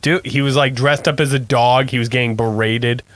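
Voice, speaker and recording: A man's voice: mid-range voice, fairly even intonation, normal speed, a bit bright. A young man co-hosting a podcast in crude, laughing casual chat. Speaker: podcast co-host.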